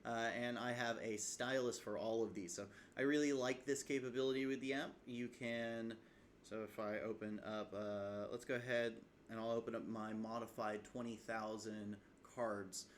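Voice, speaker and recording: A language learner vlogger, recorded on a webcam setup, casually walks through his self-taught study routine in a screen-share tutorial. He speaks at normal speed in a mid-range voice with slight background noise, rambling a bit with many uh fillers and sounding out tones as examples.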